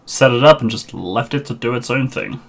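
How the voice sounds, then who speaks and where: A man's voice: mid-range voice, moderate pace, gravelly. A man streaming a game live, chatting and muttering to himself on a headset mic while he sorts out a server.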